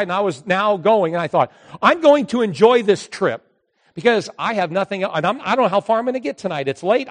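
A middle-aged man with a notably high voice spins a long personal anecdote for a crowd of listeners. He tells it in a lively, animated way, leaning on a repeated catchphrase. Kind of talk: storytelling talk to an audience.

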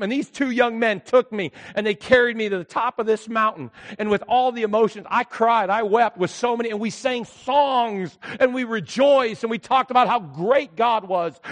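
An older man preaching a sermon from the pulpit. His voice sits fairly high for a man. He tells the story expressively, dropping low and quiet and then rising almost to a shout. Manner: storytelling, swings from hushed to shouting. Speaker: pastor.

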